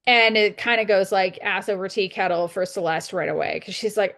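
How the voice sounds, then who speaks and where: Chatty woman with a gravelly voice. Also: medium pitch, a little fast, few pauses, fairly bright tone. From Canada. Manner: chatty, laughs often, storytelling. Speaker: podcast co-host. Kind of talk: casual chat.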